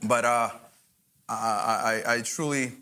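A man's voice: medium pitch, fairly even intonation, measured pace, pushed and bright, clean tone. A man, a guest pastor, mixing joking asides with fervent preaching in a church sermon.

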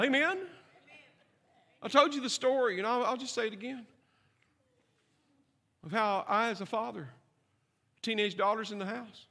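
A middle-aged pastor preaches with a notably high, bright voice, mixing humor and stories into his sermon. He checks in with his listeners as he goes. His voice rings out through a long, reverberant church hall. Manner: humorous storytelling with asides to the congregation.

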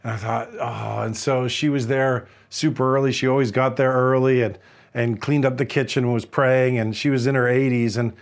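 A man's voice: mid-range voice, steady tone, fairly quick. A man preaching a sermon as a pastor, telling a story in an earnest way, often restarting and repeating words.

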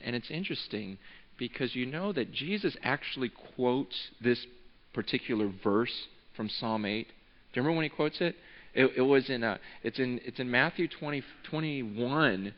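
A young adult man preaching a conversational, animated sermon to his congregation, stumbling and restarting as he goes. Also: medium pitch. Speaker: pastor. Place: church sanctuary. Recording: dull sound with long hall reverb.

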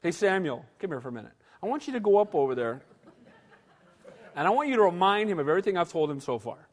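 A man voicing God as a calm, commanding male deity, dropping low and quiet to give orders in a matter-of-fact way. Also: fast talker, big-room sound.

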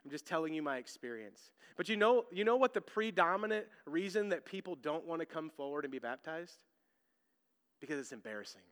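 A man in his thirties, a pastor preaching a sermon, telling stories with loud emphasis and hushed asides. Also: on the high side, lively intonation, fairly quick, smooth, in a large hall.

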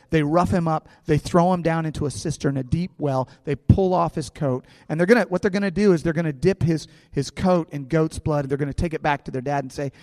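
A man preaching a sermon to his congregation, telling stories with lively asides and quick character voices. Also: on the high side, no room sound, studio quality, long reverb tail. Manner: animated storytelling, acting out characters. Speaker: pastor.

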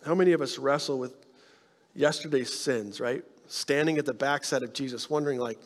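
A male pastor preaching a sermon, telling stories with animated energy and dropping to hushed tones to make his point. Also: mid-range voice, fairly quick, long reverb tail. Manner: animated storytelling, drops to soft hushed tones for emphasis.

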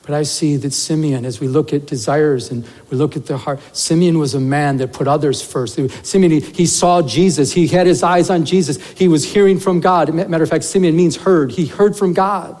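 A male pastor with a high-pitched voice delivers a conversational sermon. His talk is earnest and loose, full of fillers and restarts. The sound carries a long reverb, as in a large hall. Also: normal speed, hardly any pauses, darkish tone. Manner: earnest, conversational preaching with many fillers and repeated words.

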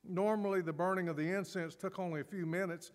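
A man preaching a sermon as pastor, animated and acting out scripture scenes with laughs. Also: sits high, fast, in a large hall.

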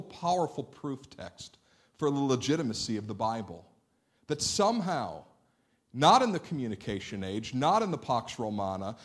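A man preaching a sermon, reading scripture dramatically and then speaking in relaxed, conversational asides. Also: medium pitch. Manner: dramatic scripture reading, rising loud on quoted lines. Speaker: pastor.

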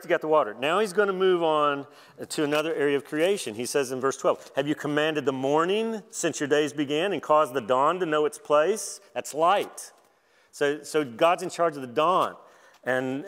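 A man's voice: fairly high pitch, fairly bright tone. A man giving a conversational, self-deprecating sermon at a conference. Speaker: conference speaker. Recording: long hall reverb.

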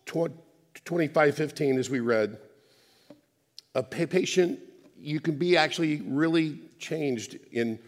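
A man preaching a conversational sermon, often restarting words and dropping soft for emphasis. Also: medium pitch, in a large hall.

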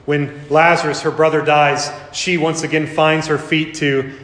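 A man's voice: on the high side, little pitch movement, measured pace, fairly bright tone. A male pastor giving a sermon, telling the scene vividly and acting parts of it out, in a church. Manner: vivid storytelling, acts out scenes. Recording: echoey hall.

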